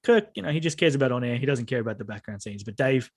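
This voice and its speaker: Fast-talking casual man, dry sound. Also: medium pitch, animated, darkish tone, breathy edge, no room sound. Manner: fast, profane, laughing. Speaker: podcast guest. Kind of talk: casual chat.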